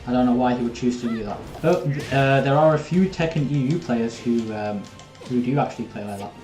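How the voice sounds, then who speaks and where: A man's voice: medium pitch, brisk, over music. A young man, chatting casually with viewers while commenting on his own live gameplay. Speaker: streamer. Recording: roomy echo.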